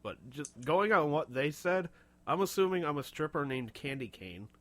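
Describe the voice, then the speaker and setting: Young guy on a podcast, cursing and cracking up, kinda high voice, dry sound. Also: expressive, normal speed, a bit bright, no echo. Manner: laughing storyteller, profane. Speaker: podcast co-host. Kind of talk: casual chat.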